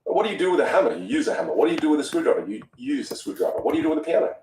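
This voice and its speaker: A young man, a communication coach, telling stories in an animated way during a podcast interview. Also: fairly high pitch, very fast, roomy sound, recorded from a distance, a little hiss or hum, rough recording. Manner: animated, dramatic storyteller who acts out voices.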